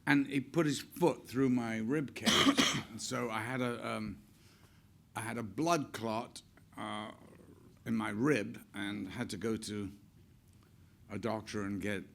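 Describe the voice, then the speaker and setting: Gravelly older Englishman telling stories. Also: lowish voice, fairly even intonation, slow, a bit bright. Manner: chatty, laughs often, acts out quotes. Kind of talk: casual anecdotes on stage.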